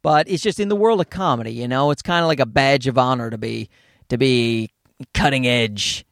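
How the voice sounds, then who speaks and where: A man's voice: mid-range voice, normal speed, vocal fry, a bit bright, dry recording, clean studio sound. A man hosting a podcast, rambling through a profane, comedic monologue full of tangents. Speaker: podcast host.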